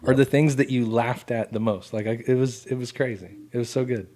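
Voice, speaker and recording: A man's voice: mid-range voice, a little fast, crowd noise. A man hosting a veterans' podcast in casual chat, laughing often and acting out quotes. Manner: laughing, animated, acts out quotes.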